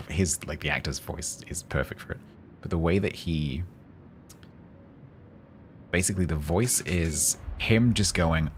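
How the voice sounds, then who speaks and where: A man's voice: very deep voice, a little hiss or hum. A man with a London accent, chatting casually with viewers and reacting sarcastically while streaming a game. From London, England. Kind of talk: casual live gaming stream chat.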